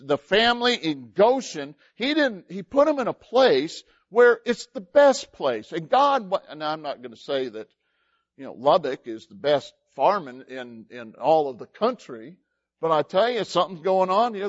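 Preacher guy, high voice, folksy storytelling sermon, dry kinda muffled sound. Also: dry recording. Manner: animated, folksy storytelling with laughs and quoted voices. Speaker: pastor.

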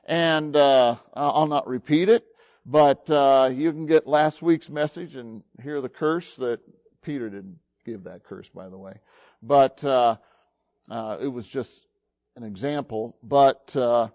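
Guy preaching, slow and halting with lots of uhs, muffled lo-fi recording. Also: mid-range voice. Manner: slow, halting storytelling with many fillers. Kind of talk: sermon.

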